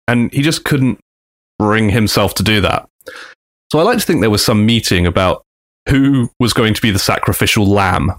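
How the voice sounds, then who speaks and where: A podcast co-host with a lowish voice tells a story casually at a moderate pace. He's animated, acting out the quotes in big voices.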